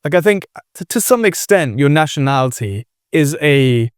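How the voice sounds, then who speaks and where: A man hosting a podcast in a casual conversation, talking hesitantly with many fillers and pauses to search for words. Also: fairly high pitch, expressive, clear, resonant tone, dry recording, studio quality. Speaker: podcast host.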